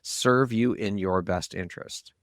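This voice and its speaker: A man's voice: sits low, unhurried, dry recording, studio quality. A man hosting a podcast in a casual, affirming way, often agreeing with his guest. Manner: affirming, frequent agreeing backchannels. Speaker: podcast host. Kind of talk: casual conversational interview.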